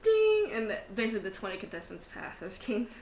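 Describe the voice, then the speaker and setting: A woman's voice: mid-range voice, fairly even intonation, fast talker, roomy sound, very noisy. A woman narrating a tabletop game as game master, laughing often and swearing casually between filler words.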